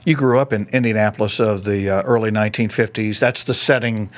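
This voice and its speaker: A man interviews a guest with brief, probing prompts. His voice sits fairly low. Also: fairly even intonation, brisk. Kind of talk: interview questions.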